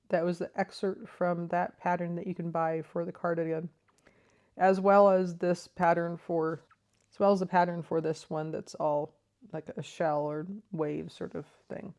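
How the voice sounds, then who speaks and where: A woman's voice: fairly low pitch, dull audio. A woman hosting a crochet vlog, explaining things in a thoughtful, enthusiastic way, with frequent ums. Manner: thoughtful, enthusiastic, soft-spoken with frequent fillers. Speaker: crochet vlogger. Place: living room.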